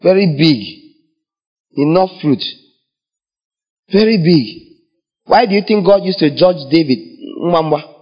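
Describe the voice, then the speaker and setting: A man's voice: fairly high pitch, expressive, slow pace, pauses often. A man preaching a sermon, acting out scenes with different voices. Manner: dramatic, acts out scenes with voices. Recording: dull lo-fi sound.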